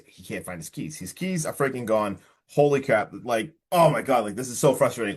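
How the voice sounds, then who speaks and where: A man hosting a casual podcast film review, retelling the plot in an excitable, slangy way and acting out the characters. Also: medium pitch, normal speed. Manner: animated retelling, acts out the characters. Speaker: podcast host.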